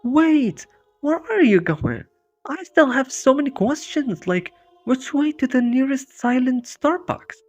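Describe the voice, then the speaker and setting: A sarcastic, bewildered male horror hero, as the narrator puts him on, firing off self-mocking quips in a game parody. Each joke lands with a wry, jittery edge. The sound is dull and lo-fi, with soft music underneath. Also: medium pitch, unhurried, natural voice. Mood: flustered.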